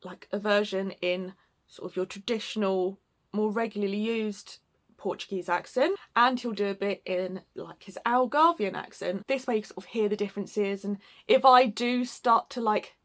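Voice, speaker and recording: A woman's voice: medium pitch, normal speed, a bit bright. A woman from the UK co-hosting a casual Portuguese lesson, chatting loosely with lots of likes and ums. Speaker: co-host teaching Portuguese phrases.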